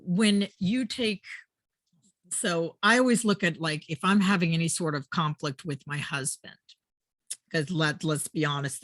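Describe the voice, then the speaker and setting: A woman's voice: sits low, no echo. A woman guest on a podcast, telling stories in a casual chat and laughing often.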